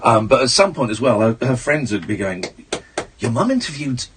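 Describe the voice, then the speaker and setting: A man hosting a late-night radio show, chatting with animated, stammering restarts. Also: mid-range voice, a little fast, far from the mic, noisy background. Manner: animated, stammering restarts, loud jokey asides. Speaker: radio host. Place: radio studio.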